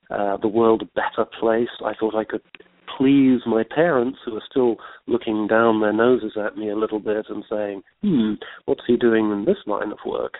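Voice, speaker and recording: A man with an English accent, a guest author telling his story in a reflective, unhurried way during a radio interview by phone. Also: on the low side, no echo. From England. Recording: tinny phone line.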